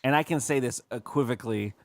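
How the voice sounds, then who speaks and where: A man's voice: mid-range voice, fast, dry recording. A man co-hosting a casual comedy podcast, rambling, swearing and acting out little bits. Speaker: podcast co-host.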